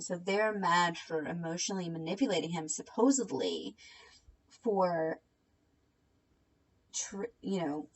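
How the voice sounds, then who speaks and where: Young woman, lowish voice, blunt, sarcastic, reaction recap vlog, casual swearing. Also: a little mellow, low-quality recording. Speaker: commentary vlogger. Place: home at night.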